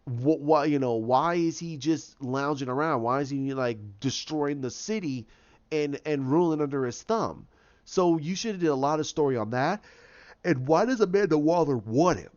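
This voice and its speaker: A man's voice: a little high, moderate pace, darkish tone. Rambling man on a dull lo-fi recording. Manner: rambling, with frequent restarts and acted quotes. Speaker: video host giving opinions. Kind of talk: casual opinion commentary.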